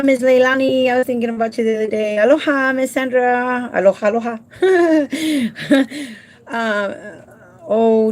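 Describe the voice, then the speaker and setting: A woman who works as a home care provider, talking casually and warmly to her viewers from home, emotional and halting at times. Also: mid-range voice. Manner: emotional and heartfelt, addresses viewers as "you guys"; halting with repeated restarts when upset.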